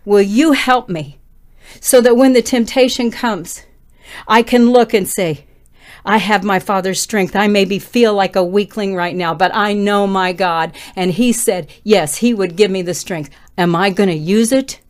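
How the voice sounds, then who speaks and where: Woman preacher, middle-aged, fervent pleading prayer that builds to near-yelling. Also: mid-range voice, a little slow. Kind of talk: passionate prayer and sermon.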